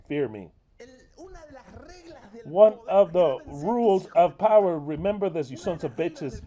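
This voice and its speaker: A man's voice: a little high, dark tone. A man giving an English voice-over interpretation of a sermon, crude, scolding and emphatic.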